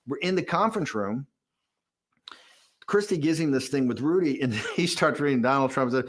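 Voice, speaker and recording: A man gives an interview, recounting a behind-the-scenes episode. He talks in an animated, storytelling way, often restarting his sentences and repeating words as he goes. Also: mid-range voice. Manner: rapid, animated storyteller, acting out quotes and chuckling. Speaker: interviewee, political strategist.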